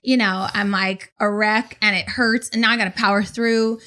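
A woman in her forties telling a story in a casual, animated way, swearing often. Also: medium pitch, normal speed. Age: 40s. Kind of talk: casual anecdote on a talk show.

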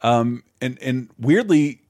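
A man's voice: medium pitch, animated, takes it slowly, a little mellow, no echo, studio quality. A man in his thirties co-hosting a podcast in casual chat, rambling and swearing with many restarts. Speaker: podcast co-host.

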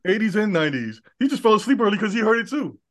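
Fast, high-pitched teasing man. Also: big pitch swings. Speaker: podcast guest. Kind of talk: casual sports podcast chat.

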